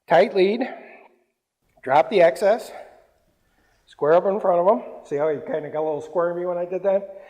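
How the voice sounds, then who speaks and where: A man's voice: high voice, normal speed, pauses often, warm tone. A man dog trainer giving a hands-on lesson, mixing short firm commands with cooing praise for the dogs. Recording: long reverb, roomy hall.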